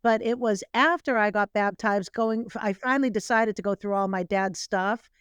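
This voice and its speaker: A woman's voice: medium pitch, moderate pace, clean tone, dry recording. A woman co-hosting a podcast, speaking sincerely about her own experiences over a call. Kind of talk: conversational interview.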